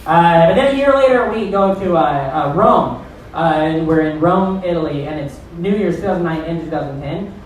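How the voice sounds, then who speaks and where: Profane stand-up host in a roomy club. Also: male voice, a little high, lively intonation, moderate pace, a little hiss or hum. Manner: loose, profane, rambling storyteller. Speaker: comedy show host. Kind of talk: stand-up comedy. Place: comedy club stage. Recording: roomy, distant club recording.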